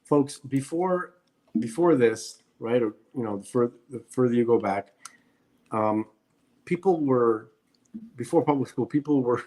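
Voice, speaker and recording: A man with a middle-pitched voice talks in a casual podcast chat. He rants bluntly and hammers his points with repetition. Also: lively intonation, a little slow, warm tone. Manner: blunt, ranting, emphatic repetitions. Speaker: podcast co-host.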